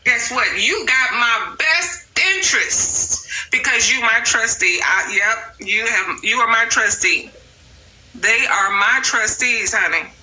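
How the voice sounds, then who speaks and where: A woman's voice: fairly high pitch, takes it slowly, bright, forceful tone, slight background noise, poor audio. A woman hosting a livestream, telling a story in a casual, slangy way and swearing freely. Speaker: livestream host.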